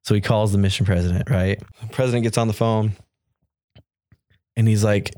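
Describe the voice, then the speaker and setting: A man's voice: lowish voice, a little fast, pauses often, dry recording, studio quality. A man as a podcast guest, telling a personal story in casual talk and acting out the voices of people he quotes. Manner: animated, acts out quoted dialogue.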